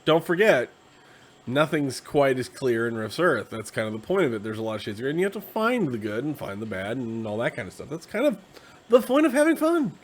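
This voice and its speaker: A tired man hosting a casual, rambling explanation of a tabletop game class, slipping into quick acted asides. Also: medium pitch, big pitch swings, slight background noise. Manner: conversational, acts out quick quoted asides. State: tired, yawning.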